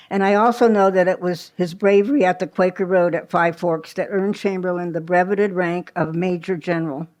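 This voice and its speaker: Lower-pitched woman presenting a history talk. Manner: conversational storytelling with asides. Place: small history museum.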